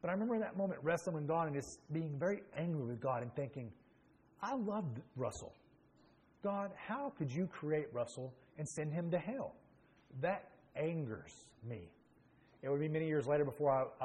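A middle-aged man tells his own story from the pulpit. He speaks in a pitch that sits right in the middle of the range. His telling is earnest and reflective, full of small restarts and um's as he works through old memories. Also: a little mellow, husky. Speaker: preacher giving his testimony. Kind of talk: testimony sermon.

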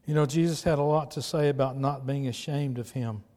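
A man's voice: mid-range voice, steady tone, brisk, mellow, in a large hall. A man from Texas, preaching a sermon with emphatic repetition and storytelling.

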